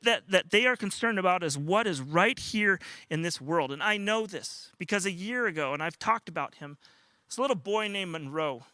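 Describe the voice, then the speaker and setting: Earnest high-voiced older pastor. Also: male voice, sharp tone, smooth, no room sound. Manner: earnest storytelling, acts out a toddler's cries. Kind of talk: sermon.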